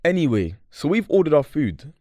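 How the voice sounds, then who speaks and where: A young man, co-hosting a podcast and telling a story in a lively, animated way, slipping in slang and acting out what people said. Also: fairly high pitch, normal speed, dry recording. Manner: animated storyteller, acts out quotes, London slang. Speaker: podcast co-host. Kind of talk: casual banter between friends.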